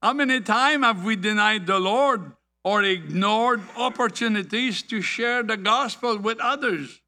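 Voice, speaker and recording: A man preaching a sermon, deliberate and full of rhetorical questions and anecdotes. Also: high voice, sharp tone.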